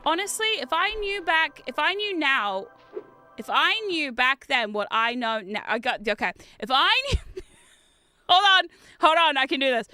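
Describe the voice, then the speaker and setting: Young woman streamer; rambling, giggly casual chat, high pitch, music under the voice. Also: normal speed, no room sound. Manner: rambling, giggly, animated outbursts. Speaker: VTuber streamer. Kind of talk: casual chat while streaming retro games.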